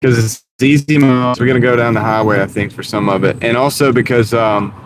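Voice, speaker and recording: Over a steady backdrop of engine and road hum inside his moving car, a mid-pitched man streams as a delivery driver, speaking fairly quickly. He keeps the live chat relaxed, answering people by name and muttering about order offers.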